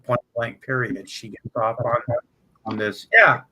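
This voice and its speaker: A man in casual group chat, rambling and halting, gossiping about people on a stream. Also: medium pitch, pushed and bright, breathy edge, rough recording. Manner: rambling, halting, full of restarts and fillers.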